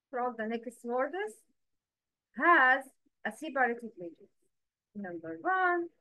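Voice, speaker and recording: Slow high-voiced woman teaching. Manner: patient, asks listeners to repeat after her; counts and quizzes listeners directly. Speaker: Quran recitation teacher. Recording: dull, lo-fi dry recording.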